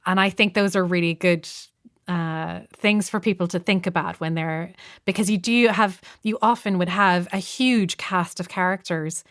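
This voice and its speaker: A woman's voice: lowish voice, steady tone, normal speed, fairly bright tone. A woman interviewing a narrator, asking thoughtful, encouraging questions. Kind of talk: interview conversation.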